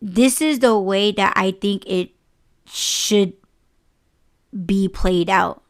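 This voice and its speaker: A woman's voice: medium pitch, slow pace. A young woman hosting a podcast, telling a personal work story casually and emotionally, with many fillers and restarts, close to tears. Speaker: podcast host.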